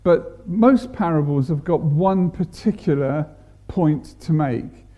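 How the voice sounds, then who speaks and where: A man preaching a sermon, deliberate, repeating and stressing words to make his point. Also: fairly high pitch, dark tone.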